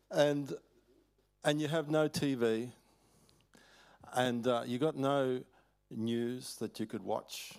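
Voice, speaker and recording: Preaching in a church hall, an older Australian man speaks at an ordinary middle pitch in a homely, anecdotal style. He chuckles frequently and keeps breaking off to begin his thoughts again.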